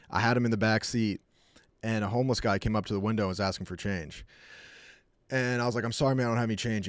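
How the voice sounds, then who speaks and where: A man with a fairly low voice chats casually on his live stream, telling rambling, jokey stories. He keeps slipping into quick put-on voices for the people in them. The sound is dry and close to the mic. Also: no echo.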